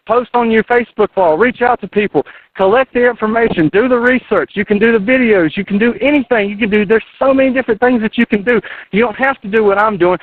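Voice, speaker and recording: A man in his thirties from North Carolina, a radio guest preaching in a fired-up, repetitive way, calling in from outdoors in his yard. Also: high-pitched. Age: 30s. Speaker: internet radio host, guest. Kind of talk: impassioned guest talk on a call-in radio show. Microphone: phone line. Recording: tinny dry phone line.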